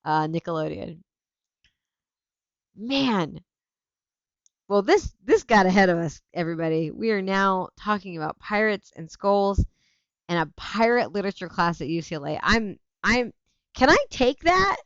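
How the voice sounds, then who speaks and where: A woman's voice: mid-range voice, unhurried, long pauses, no echo, lo-fi sound. A woman hosting a livestream, chatting casually and reacting to viewer comments with frequent laughter. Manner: animated, laughing often, self-interrupting. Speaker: livestream host.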